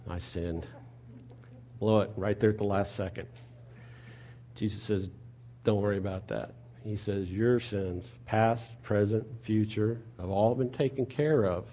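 A man preaching a sermon in a conversational way, asking rhetorical questions and moving between quiet and loud delivery. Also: fairly low pitch, steady tone, measured pace, pauses often, a little hiss or hum. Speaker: pastor.

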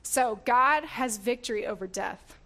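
Woman preacher, earnest teaching tone, pitch on the higher side, warm scripture reading. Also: unhurried. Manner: earnest, laughs often, self-correcting restarts. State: getting emotional.

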